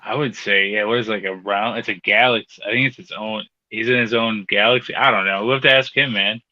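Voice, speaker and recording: A man's voice: fairly low pitch, steady tone, a little fast, pushed and bright, dry recording, lo-fi sound. A man co-hosting a live stream in a laid-back way, mostly giving short replies. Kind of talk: casual chat.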